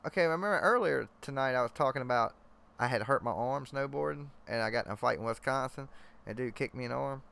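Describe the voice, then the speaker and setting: A man's voice: medium pitch, fast, gravelly, a bit bright. A young man hosting a live chat stream, joking and rambling in loose, slangy talk to his viewers.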